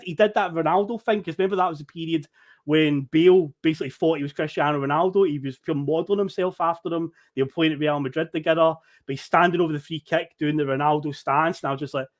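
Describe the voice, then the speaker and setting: A man on a podcast, telling a lively story, acting out the people he met and swearing casually. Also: a little high. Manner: animated storyteller who acts out quoted people, swears casually.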